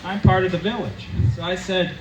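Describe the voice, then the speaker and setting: A man tells a rambling comic story in an oblivious deadpan, his voice pitched fairly high. He sounds distant in a roomy, echoing space, with a faint hum behind him. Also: fairly quick. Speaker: comedy character vlogger.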